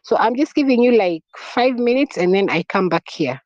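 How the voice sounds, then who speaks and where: A woman's voice: a little high, animated, moderate pace, darkish tone, no echo. A woman teaching a French class, repeating key words, spelling them out and quizzing her students. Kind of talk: classroom lesson. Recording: dull lo-fi recording.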